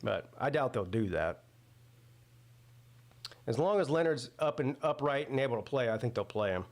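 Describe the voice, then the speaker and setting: With a medium pitch, lively intonation, and a moderate pace, a man hosts a live football watch-party stream. The commentary is casual and loose, and he thinks aloud with many fillers and restarts.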